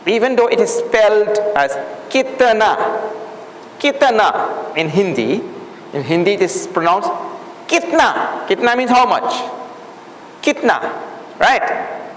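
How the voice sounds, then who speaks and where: Man teaching a class, high voice, slow delivery, patient, repeats words, echoey hall, faint room hum. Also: sing-song. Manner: patient, explains by repetition and asks the class questions. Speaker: Sanskrit teacher. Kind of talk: classroom lecture.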